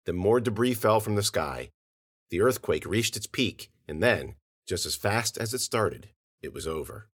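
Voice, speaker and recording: A man narrating audio fiction in an expressive storytelling manner. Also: sits low.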